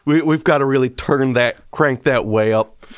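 A man's voice: mid-range voice, moderate pace, smooth, no echo, studio quality. A man co-hosting a podcast, chatting casually and telling stories with lots of laughter. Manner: animated, laughing storyteller. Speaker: podcast co-host. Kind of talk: casual chat.

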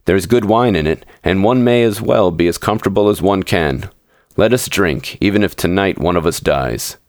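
A man's voice: low-pitched, moderate pace, no room sound, clean studio sound, close to an everyday voice. A man playing a proud, fierce nobleman landowner. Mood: conciliatory. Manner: fierce, haughty and forceful. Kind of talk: dramatic short story reading.

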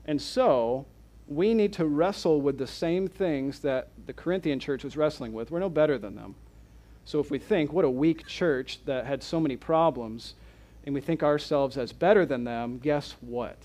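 Male pastor, fairly high voice, lively rhetorical sermon delivery in church. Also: moderate pace. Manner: animated, rhetorical questions to the congregation. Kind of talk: expository sermon.

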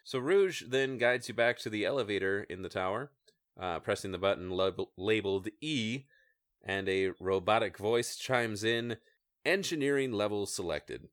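A man hosting a podcast and narrating as game master, relaxed and hesitant with fillers. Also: fairly low pitch, moderate pace, no room sound, studio quality.

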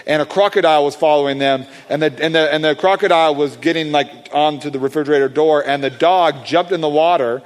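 A man excitedly telling a testimony story about praying for people, rambling with many fillers and restarts. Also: on the high side, a little fast, few pauses. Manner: animated, acts out quoted voices. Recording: long hall reverb.

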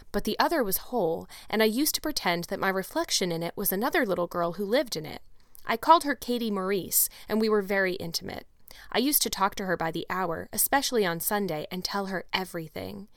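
A woman's voice: mid-range voice, dry recording, close to an everyday voice. A talkative young orphan girl pours out her daydreams in long, gushing run-on sentences, read by a woman. She sounds imaginative and eager, and the voice is close and dry, with nothing of the room around it. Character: dreamy talkative orphan girl, about eleven. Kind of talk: audiobook character reading.

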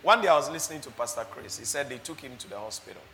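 A man preaching a sermon as pastor, animated, laughing often and asking his listeners rhetorical questions. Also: mid-range voice, rapid-fire, long reverb tail, faint music behind.

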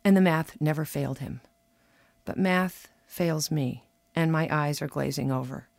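A woman in her fifties reading her own humorous personal essay aloud on the radio, telling it with a wry, animated lilt. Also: low voice, measured pace, gravelly, no room sound. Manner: wry, animated storytelling with lively voiced quotes.

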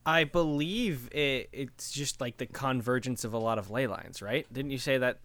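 A man's voice: mid-range voice, normal speed, fairly bright tone, dry recording. Tentative man player, dry close sound. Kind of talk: tabletop game play.

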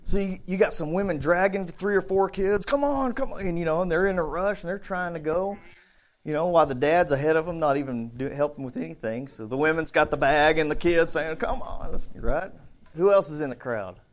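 A man preaching a casual, conversational sermon, acting out bits of the story with shouts and voices. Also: a little high, brisk. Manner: conversational, thinks aloud with restarts. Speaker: pastor.

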